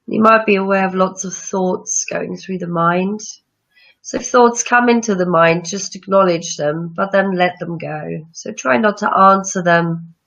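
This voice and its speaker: Gravelly low-voiced woman guiding meditation. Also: fairly bright tone. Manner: slow, soothing instructions. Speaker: yoga teacher. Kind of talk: guided breathing meditation. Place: room with chairs, not a studio. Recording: dull lo-fi sound.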